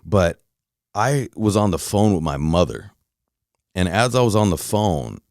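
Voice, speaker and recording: A man hosting a podcast, telling a story in a casual, animated monologue, swearing and acting out his own reactions. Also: deep voice, measured pace, no echo, clean studio sound. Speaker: podcast host.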